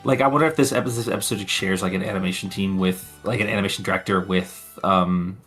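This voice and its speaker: A man's voice: low-pitched, steady tone, fast talker, fairly bright tone. Male podcast co-host, casual rambling recap talk, profane, faint background music. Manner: rambling, swears freely, laughs often. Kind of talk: casual chat recapping episodes.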